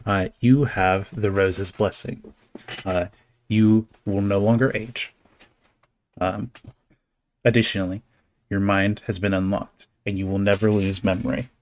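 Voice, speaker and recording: Low-voiced man narrating a tabletop game. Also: steady tone, measured pace, pauses often. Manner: descriptive storytelling with casual fillers. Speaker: game master.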